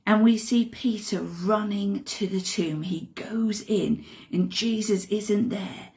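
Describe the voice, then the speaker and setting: A woman retelling a Bible story in an expressive way, dropping to hushed asides. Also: mid-range voice, slow.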